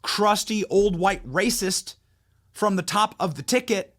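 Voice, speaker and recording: A man's voice: high voice, a little slow, fairly bright tone. A man hosting a political commentary show, talking in a heated, mocking, emphatic way. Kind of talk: opinionated commentary monologue.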